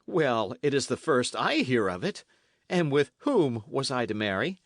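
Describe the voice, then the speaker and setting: A man voicing a bold, cheerful young squire who speaks loudly and forthrightly in an old-fashioned storybook tale. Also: medium pitch, very animated, measured pace, no room sound, clean studio sound, voice pushed up. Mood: hearty. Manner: loud, hearty, forthright.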